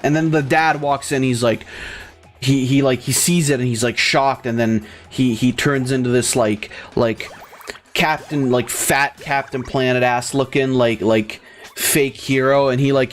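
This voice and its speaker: A man's voice: medium pitch, measured pace. A young man hosting a gaming video, ranting in a rambling, profane way full of fillers and restarts. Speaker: gaming channel host. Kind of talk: casual ranting commentary over gameplay.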